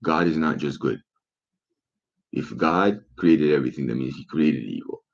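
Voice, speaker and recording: A man's voice: extremely low pitch, normal speed. A man talking in a profane, rambling monologue full of rhetorical questions, on a dull lo-fi recording.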